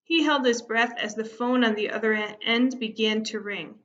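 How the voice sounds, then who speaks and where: Woman teacher, class read-aloud, steady expressive narration; higher voice, dull lo-fi recording. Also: moderate pace. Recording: muffled lo-fi recording.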